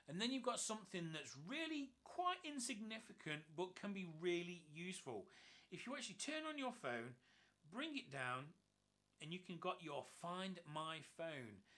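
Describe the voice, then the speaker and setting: A man's voice: high-pitched, sing-song, normal speed, bright, forceful tone. A man giving an enthusiastic, upbeat walkthrough review of a gadget. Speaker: tech reviewer.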